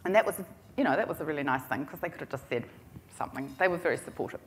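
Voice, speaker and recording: A woman's voice: low voice, animated, rapid-fire. A middle-aged woman with a New Zealand accent telling a business story at a conference in a chatty, self-deprecating, humorous way. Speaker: conference speaker.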